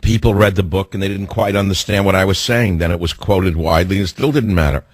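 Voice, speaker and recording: A man's voice: low voice, fairly even intonation, fast talker, no room sound. A man hosting a call-in talk radio show, lecturing his callers in a combative way.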